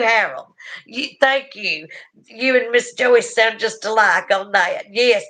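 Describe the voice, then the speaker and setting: A woman's voice: medium pitch, a bit bright. A middle-aged woman with a Southern US accent, chatting folksily as she reads viewer comments aloud on her stream. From southern United States. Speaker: livestream host reading viewer comments. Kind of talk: casual chat.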